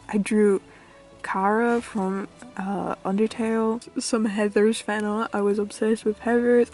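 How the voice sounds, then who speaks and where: A young woman from the UK chatting casually as a vlogger, giggly and self-mocking, often trailing off into mutters. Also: mid-range voice. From United Kingdom. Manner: squeals with excitement at finds. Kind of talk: casual chat. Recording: faint music behind.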